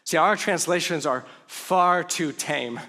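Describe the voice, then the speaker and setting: A man preaching a conversational sermon as pastor, telling the story with humorous asides and dropping to hushed tones for emphasis. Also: on the high side, slow.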